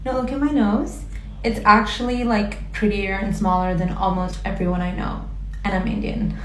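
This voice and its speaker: A woman's voice: medium pitch, fairly even intonation, normal speed, fairly bright tone, reverberant, a little hiss or hum, poor audio. A woman speaking in a vain, boastful way.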